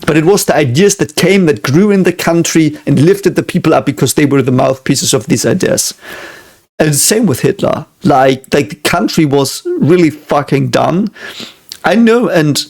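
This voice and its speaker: A man's voice: on the high side, expressive, moderate pace, a little mellow. A man with a German accent, hosting a casual reaction video and musing earnestly, often circling back on his own words.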